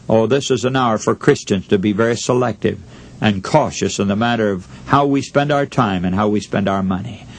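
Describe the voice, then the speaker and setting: A husky male preacher. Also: on the low side. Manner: earnest, pleading, with dramatic recitation. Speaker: radio preacher. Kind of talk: sermon.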